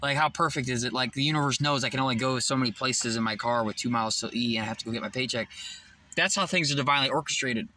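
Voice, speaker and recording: A young man vlogging outdoors beside his car, telling a rambling, excitable story and swearing freely. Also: mid-range voice, quick pace, slight background noise. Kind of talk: casual vlog storytelling. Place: outdoors by a tree near his parked car.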